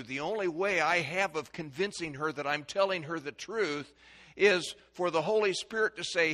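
A middle-aged man, a pastor, preaching a sermon with dynamic swings from hushed to loud and emphatic. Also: on the high side, normal speed. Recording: long reverb of a large hall.

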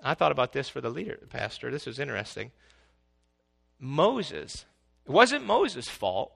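Energetic male preacher, bright and gravelly. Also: mid-range voice, normal speed, soft background music. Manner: preachy, swings from quiet to loud exclaiming. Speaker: pastor. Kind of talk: sermon.

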